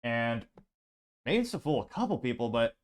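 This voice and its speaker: A man hosting a political commentary show, sarcastic and halting, stumbling over words and restarting. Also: mid-range voice, sing-song. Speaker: host.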